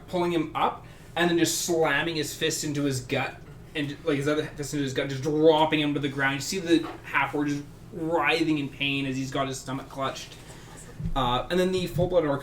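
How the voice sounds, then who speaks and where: Guy running a tabletop game, kinda high voice, lots of uhs and likes, faint hiss behind. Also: a bit bright. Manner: halting, filler-heavy description. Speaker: game master. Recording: faint background noise.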